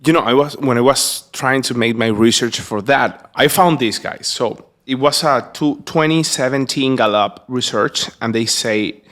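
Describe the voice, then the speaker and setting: A man's voice: medium pitch, moderate pace, hardly any pauses, a bit bright. Man hosting a bilingual podcast. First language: Spanish. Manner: enthusiastic, repeats and restarts, slips between languages. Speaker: podcast host.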